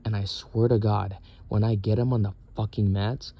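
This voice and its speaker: A man's voice: fairly low pitch, level tone, normal speed, husky, muffled recording. A young man in the military venting in a casual, profane, exasperated rant. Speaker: military service member.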